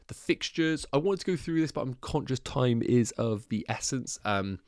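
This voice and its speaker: A man's voice: fairly low pitch, sing-song, fairly quick, few pauses, no room sound, clean studio sound. A man hosting a fantasy football livestream, thinking aloud in a chatty way and talking to his viewers as guys. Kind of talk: casual livestream chat.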